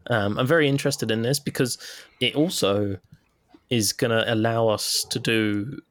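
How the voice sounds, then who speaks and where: A man co-hosting a games podcast, talking in a relaxed way with fillers and casual swearing. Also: medium pitch, moderate pace, no room sound. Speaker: podcast co-host.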